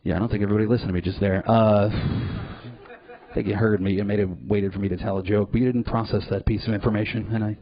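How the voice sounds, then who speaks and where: A man's voice: lowish voice, fast talker. Profane man doing live stand-up. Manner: profane, animated, jumps into loud put-on voices. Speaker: stand-up comedian. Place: comedy club stage. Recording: dull lo-fi live recording.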